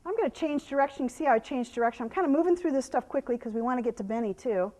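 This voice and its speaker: A woman horse trainer giving a live demonstration, explaining to viewers and softly praising the horse, sometimes dropping to a hush. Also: high voice, very fast. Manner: drops to a hushed whisper when calming the horse.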